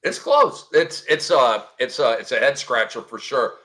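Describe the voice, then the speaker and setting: A man hosting a sports podcast in a casual chat, excitable and quick with exclamations. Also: mid-range voice. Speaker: show host.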